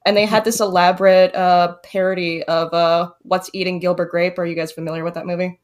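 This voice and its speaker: Lady on a podcast, low and flat, laid-back chat. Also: brisk.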